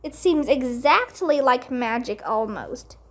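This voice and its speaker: A woman's voice: high voice, animated, slow pace, exaggerated voice. A woman voicing a dramatic, scheming first-grade boy in a storybook reading.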